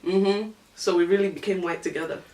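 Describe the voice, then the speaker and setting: A woman's voice: on the low side, steady tone, brisk, crowd noise. A young woman trading laid-back jokes in a casual group chat. She sounds distant, with a lot of echo from the room.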